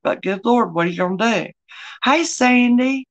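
A woman's voice: fairly low pitch, quick pace, muffled recording. Lady in her middle years running a live sale, chatty and folksy, calls out viewers by name. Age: middle-aged. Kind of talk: casual live-stream selling chat.

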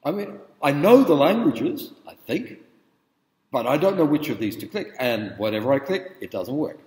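A middle-aged male lecturer speaks casually at a mid pitch and keeps asking the room "okay?" as he tells stories. His voice carries a long hall reverb that rings around a big lecture room. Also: very animated, normal speed, a little mellow. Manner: informal, checks in with the audience. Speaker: university lecturer. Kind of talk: conversational lecture with anecdotes.

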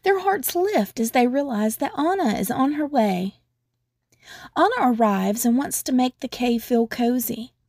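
A woman storyteller reading a children's picture book aloud in a calm, even manner. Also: high-pitched, measured pace, dry recording, clean studio sound.

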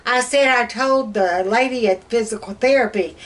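A woman's voice: a little high, normal speed. A middle-aged woman, chatting casually and telling teasing, laughing stories as a co-host. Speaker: channel co-host. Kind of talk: casual chat.

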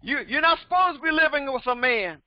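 A man in his seventies, a pastor preaching a sermon with emphatic repetition that rises to shouts. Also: very high voice, animated, fairly quick, dry recording. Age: 70s. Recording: dull, dry recording.

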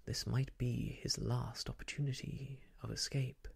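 A man reading an old novel aloud as soft ASMR narration, hushed and half-whispered, close to the microphone. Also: medium pitch, level tone, unhurried, vocal fry, breathy edge. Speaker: storyteller.

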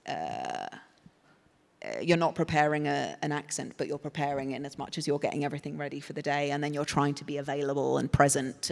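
An English woman talks on a festival stage, her voice gravelly with fry. She wanders through her answers thoughtfully, full of fillers and restarts. The sound carries the long reverb of a large hall. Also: sits low, a little mellow. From England. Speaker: guest actress. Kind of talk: live panel conversation. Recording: reverberant hall from a live event.

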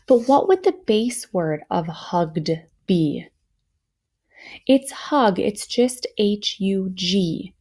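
A woman teaching a children's phonics lesson, speaking slowly and clearly, encouraging her listeners. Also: medium pitch, darkish tone.

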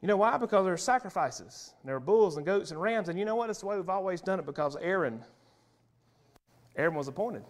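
A man preaching a sermon as pastor in a church, emphatic and punchy, repeating key phrases and swinging between loud and soft. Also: high voice, animated, brisk. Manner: emphatic, punchy repetition, wide swings in loudness. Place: church sanctuary.

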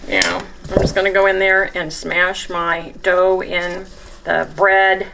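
A woman hosting a casual home cooking demonstration in her kitchen, chatting to viewers as she works and repeatedly saying how excited she is. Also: lowish voice, slow, creaky, slight background noise. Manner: chatty, talks straight to viewers as "you guys". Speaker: home cook and channel host.

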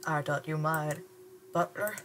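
A woman's voice: sits low, unhurried, fairly bright tone, a little hiss or hum. A woman reading the lines of a cold, calculating boy mastermind in a clipped, condescending way.

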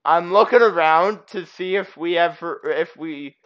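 A gaming channel host giving excitable let's-play commentary, quick to laugh and shriek. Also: mid-range voice.

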